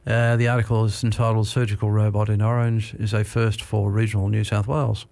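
A man's voice: lowish voice, level tone, fairly quick, vocal fry, darkish tone, dry recording. Hesitant radio presenter man. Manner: hesitant, with many "uh" and "um" fillers. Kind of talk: hosting a talking newspaper program.

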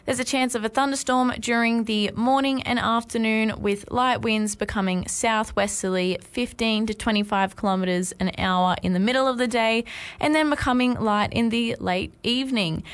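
A woman hosting a community radio breakfast show, reading the weather in an upbeat, clear manner. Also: on the high side, moderate pace.

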